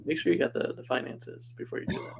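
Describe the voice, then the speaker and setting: A man's voice: fast, a little hiss or hum, poor audio. A man casually telling a personal story as a podcast guest, chatty and laughing often.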